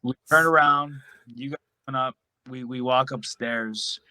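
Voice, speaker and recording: Guest dude rambling thru a story, lots of "like", bright sharp voice, dry sound. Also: male voice, medium pitch, steady tone, a little slow, smooth, no room sound, low-quality recording. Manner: rambling, many "like" fillers. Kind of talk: casual storytelling chat.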